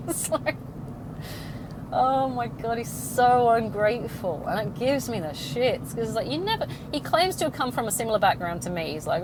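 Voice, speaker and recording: A woman's voice: mid-range voice, animated, normal speed, background noise. A young woman, a podcast host ranting bluntly and swearing freely as she talks in a car, acting out the arguments she quotes. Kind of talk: casual monologue while driving.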